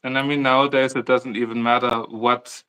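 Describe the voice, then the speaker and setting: A man's voice: mid-range voice, flat delivery, a little fast, pushed and bright, smooth, rough recording. A man co-hosting a crochet livestream in casual chat, laughing often between thoughtful asides.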